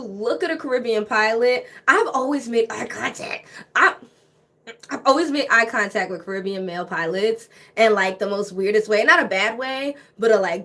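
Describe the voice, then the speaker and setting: Chatty, animated woman with a high voice. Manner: animated, gossipy, laughs between sentences. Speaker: flight attendant. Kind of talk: casual chatty storytime to camera.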